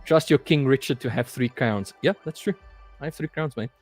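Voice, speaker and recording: A man's voice: medium pitch, moderate pace, faint music behind. A young man hosting a live trading stream, chatting casually and reading viewer comments aloud. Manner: reads viewer comments aloud and chats loosely, saying "mate" often.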